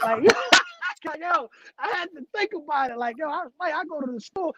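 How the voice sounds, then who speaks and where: A man's voice: very high-pitched, sing-song, moderate pace, fairly bright tone. A man hosting a casual online chat, talking loosely and profanely and laughing often. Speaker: host. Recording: dull lo-fi dry sound.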